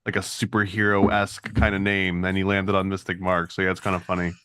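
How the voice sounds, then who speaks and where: Smooth-voiced man explaining. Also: low voice, completely flat delivery, sharp tone. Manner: explains in halting, restarting phrases. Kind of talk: casual podcast chat.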